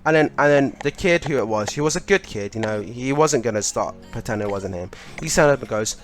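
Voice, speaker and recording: A man's voice: medium pitch, lively intonation, brisk, hardly any pauses, soft background music. A young man casually telling a funny school story, laughing as he goes. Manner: chatty, laughing, lots of "like".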